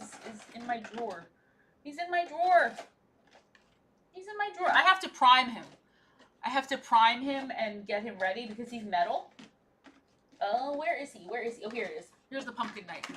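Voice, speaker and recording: Bright, chatty young woman streaming. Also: a little high, slight background noise. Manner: chatty, repeats herself, playful silly asides. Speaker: streamer painting miniatures. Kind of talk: casual live-stream chat.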